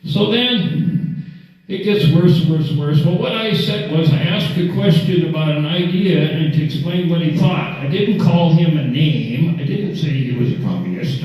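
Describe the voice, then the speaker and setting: A man's voice: a little high, moderate pace. An older man from Alaska with a rural Alaskan accent, a former assemblyman telling a story in a rambling, folksy way full of restarts and fillers. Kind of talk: casual storytelling monologue. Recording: echoey, muffled room sound.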